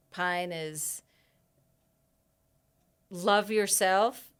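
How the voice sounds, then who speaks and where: A woman with a low, smooth voice, talking as a guest herbalist on a casual podcast. She is reflective and unhurried, pausing with fillers and laughing easily as she thinks aloud. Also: a bit bright.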